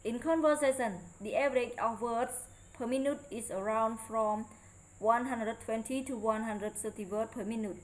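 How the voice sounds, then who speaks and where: Over a rough recording, a woman with a slightly high voice carefully reads out a student presentation as a lecture. Her delivery is halting and her grammar is non-native.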